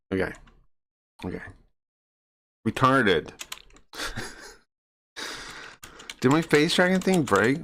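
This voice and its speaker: A man streaming live, answering chat in a combative, mocking and crude way, sometimes dropping to low mutters. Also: fairly bright tone. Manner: drops to low muttering asides. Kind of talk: casual live-stream rant.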